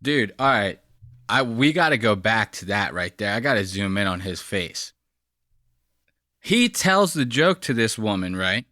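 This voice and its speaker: Bright-voiced man hosting a blunt podcast. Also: lowish voice, big pitch swings, a little slow, no room sound, clean studio sound. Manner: blunt, slangy, mocking, calls the listener bro and buddy. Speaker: podcast host. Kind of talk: casual profane commentary on a clip.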